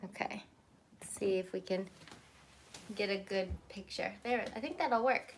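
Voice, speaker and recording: A woman's voice: medium pitch, unhurried, pauses often. A woman in her thirties hosting a live baking stream from a small home kitchen on her phone, chatty, greeting viewers by name and stopping to tell her kids what to do. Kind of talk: casual live-stream chat.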